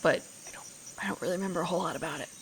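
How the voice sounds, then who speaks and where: A woman's voice: on the low side, racing, a little hiss or hum. A woman streamer chatting casually while she plays, rambling and correcting herself as she goes. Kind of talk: casual gaming commentary.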